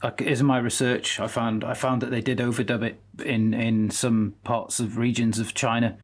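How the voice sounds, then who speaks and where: A man of middling pitch co-hosts a casual film podcast. He rambles agreeably, circling back and repeating phrases as he finds his point. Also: flat delivery, moderate pace. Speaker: podcast co-host.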